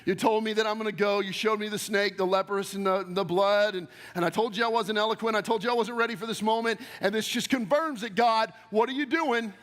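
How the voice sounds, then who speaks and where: A preacher doing an exasperated reluctant prophet. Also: male voice, high-pitched, steady tone, fairly bright tone, pitched below the performer's own voice. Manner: rapid, protesting, tumbling complaints. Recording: long hall reverb.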